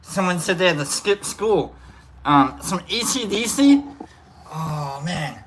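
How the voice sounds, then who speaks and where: A man's voice: high voice, very animated, normal speed, heavy background noise. A man hosting a casual livestream, rambling, musing aloud between coughs and reading out chat comments. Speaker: livestream host.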